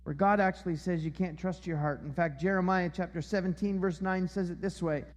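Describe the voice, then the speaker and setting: High-voiced pastor preaching in a hall. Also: male voice, steady tone, a little fast. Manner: emphatic, repeats key phrases. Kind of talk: sermon. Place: church auditorium.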